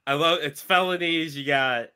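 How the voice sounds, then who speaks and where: A man's voice: on the high side, moderate pace, sharp tone, smooth. A man in casual podcast chat, laid-back and swearing casually.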